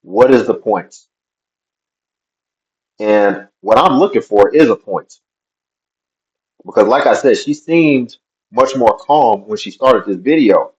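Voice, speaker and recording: A man's voice: on the low side, animated, slow, long pauses, poor audio. A man commenting on a video clip, skeptical and questioning, with a wry edge. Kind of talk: reaction commentary.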